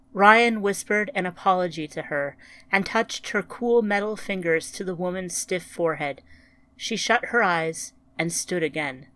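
Slow somber woman narrator. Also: on the low side, fairly bright tone, dry recording. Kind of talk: storytelling narration.

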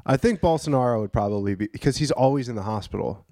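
A man co-hosting a podcast, trading crude, excitable jokes in casual banter. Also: medium pitch, fast, no echo, clean studio sound. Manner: crude, excitable, swears a lot. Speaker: podcast co-host.

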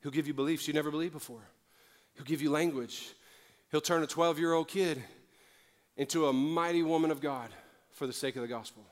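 A man preaching a sermon as pastor, building with fervor and emphatic repetition. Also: mid-range voice. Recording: long hall reverb with faint music.

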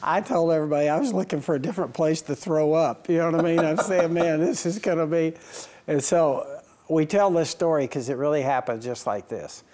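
A man's voice: fairly high pitch, brisk, a little mellow. A man who owns a racing team, answering interview questions with anecdotes, chuckling often and acting out old conversations. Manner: chuckling anecdotal storyteller, acts out dialogue.

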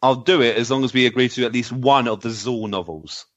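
A man's voice: medium pitch, brisk, muffled recording. A man hosting a casual podcast, joking, laughing often and reading out listener comments. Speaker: podcast host.

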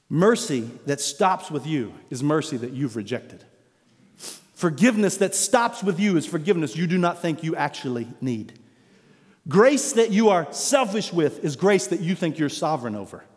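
A man preaching a sermon as pastor, emphatic, rising to loud declarations and dropping low for weight. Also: long reverb tail.

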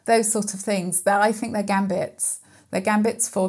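A woman's voice: mid-range voice, steady tone, moderate pace, a little mellow. A woman guest speaking in an earnest, reflective, storytelling way during a conversational interview. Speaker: mental health guest speaker.

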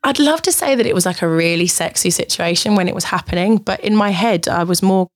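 A woman with a slightly low voice chats candidly on a podcast. She giggles often, stumbles over her words and fills gaps with "um". The sound is close and dry, with no room around it. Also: a little fast, no echo. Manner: giggly, self-conscious, lots of fillers. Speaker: podcast guest. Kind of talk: candid casual chat.

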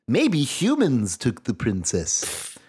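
A man's voice: medium pitch, huge pitch swings, slow, darkish tone, slightly rough, heavily acted. A man doing a wise old fairy adviser. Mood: cautious.

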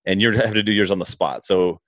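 A laid-back man with a fairly low voice, talking in a loose casual chat. He laughs often, swears easily and trips over his own restarts. The sound is close and dry. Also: fast talker, a bit bright, no echo.

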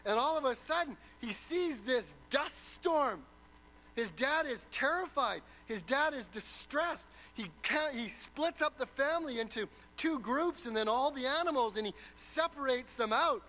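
High-voiced man preaching dramatically. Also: lively intonation, a little slow, sharp tone, low-quality recording. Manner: dramatic storytelling with rhetorical questions. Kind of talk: sermon.

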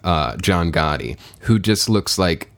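A man co-hosting a podcast in casual chat, animated and swearing freely, often laughing. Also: low-pitched, takes it slowly. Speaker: podcast co-host.

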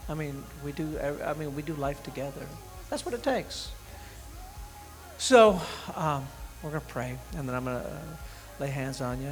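A man's voice: a little high, moderate pace, soft background music. A middle-aged man leading a dinner gathering in an informal sermon and prayer, talking in a rambling, emotional way with many restarts. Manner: rambling and conversational, with frequent restarts; emotional, tearing up. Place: dinner event room.

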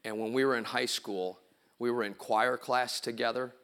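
A man's voice: medium pitch, steady tone, normal speed, a bit bright, clean tone. A middle-aged man, a pastor, preaching a sermon in a church. He tells stories, acts out sounds and quotes, and builds to emphatic preaching. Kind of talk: sermon with storytelling. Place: church sanctuary.

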